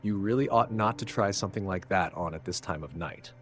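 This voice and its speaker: A man with a very low voice reads the part of a tired young woman lodger who teases and scolds. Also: brisk, close to an everyday voice. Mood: weary teasing. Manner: tired, half-amused, scolding. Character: weary young woman lodger, teasing then anxious.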